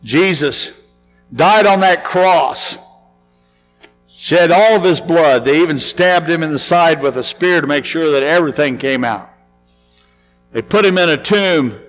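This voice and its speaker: A man preaches in a church sanctuary, his fairly high voice trailing off into a long reverb. He reads scripture earnestly, easing down and going quiet on the solemn lines. Soft instrumental music plays faintly behind him. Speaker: pastor. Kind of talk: sermon with scripture reading.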